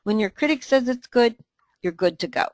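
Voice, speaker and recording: A woman co-presenting a training webinar, reading a scripted dialogue in an even, instructive way. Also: a little high, normal speed, no room sound.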